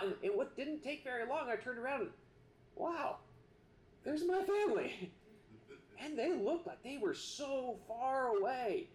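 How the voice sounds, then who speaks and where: A man preaching a sermon, earnest and halting, with many restarts. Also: high voice, echoey room, slight background noise. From United States. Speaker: pastor.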